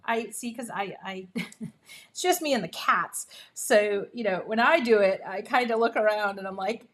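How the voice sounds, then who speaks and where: A woman's voice: mid-range voice, moderate pace. A woman hosting a live papercraft demonstration from her home craft room, chatty and upbeat, laughing often and cheering herself on. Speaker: papercraft host.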